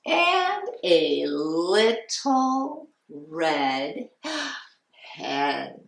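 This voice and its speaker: A woman hosting a children's story time, singing songs and reading a storybook aloud in an animated, sing-song way with animal sounds. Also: a little high, extremely slow, pauses often. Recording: roomy sound from a distant mic.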